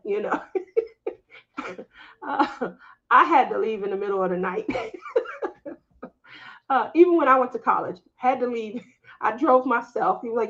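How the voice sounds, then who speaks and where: A woman's voice: measured pace, pauses often, lo-fi sound. A middle-aged woman hosting a casual craft live stream, talking with her viewers, laughing often and acting out family members' lines in livelier voices. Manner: chatty, laughs often, acts out family quotes in higher voices. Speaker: craft channel host.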